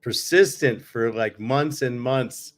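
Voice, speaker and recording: A man's voice: medium pitch, slow. A man talking casually over a video call from a hotel room, his voice worn from touring, rambling easily with many fillers. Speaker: guest musician.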